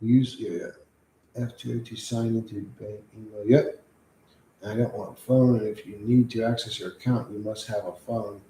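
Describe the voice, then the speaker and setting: A man's voice: on the low side, fairly even intonation, normal speed, dark tone, slight background noise. Profane rambling man livestreaming. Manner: profane, rambling, reacts to chat. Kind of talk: casual livestream chat. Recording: echoey room.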